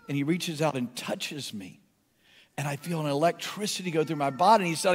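A man preaching and telling a story, his voice sitting high and carrying a long reverb from a large hall. He acts out the people he quotes. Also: lively intonation, moderate pace. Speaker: pastor. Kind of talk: sermon storytelling.

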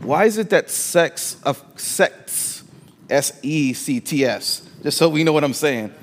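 A man's voice: on the high side, expressive, slow, long reverb tail. A man with a Latino accent preaching a sermon as pastor, emphatic and repeating phrases for weight in a church sanctuary.

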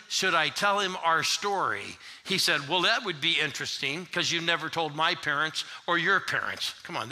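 An older man preaches to his congregation, telling stories and building to loud, ringing refrains. His voice is bright and forceful and sits fairly high. He draws the listeners in, urging them to answer back. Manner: animated preacher, rising to shouts when retelling another preacher. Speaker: pastor. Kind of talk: sermon storytelling.

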